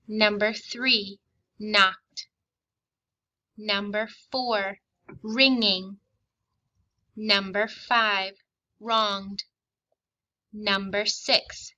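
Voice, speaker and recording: A woman teaches a recorded lesson with a bright, forward tone. She speaks slowly, carefully sounding out each spelling word and sentence. Her manner is patient and encouraging. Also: mid-range voice, highs cut off. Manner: slow, clearly enunciated dictation, patient and encouraging.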